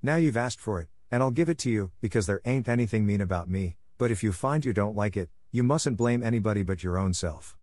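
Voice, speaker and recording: A man voicing a mischievous young boy who is quick with innocent-sounding excuses. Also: fairly low pitch, expressive, a little mellow, no room sound, clean studio sound, lightly acted. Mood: coaxing.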